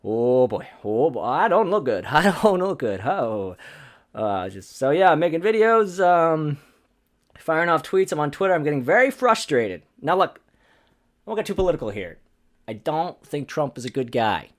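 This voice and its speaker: A man's voice: a little high, very animated, normal speed. A man hosting a comedy podcast alone at home, in a profane, self-deprecating, ranting monologue. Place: home apartment.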